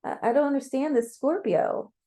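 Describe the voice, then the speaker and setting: A woman's voice: fairly high pitch, very animated, slow pace, mellow, voice pushed up, exaggerated voice. A woman voicing a confused, overwhelmed young woman in a guided meditation, hesitant and stammering. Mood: unsure. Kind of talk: guided meditation role-play.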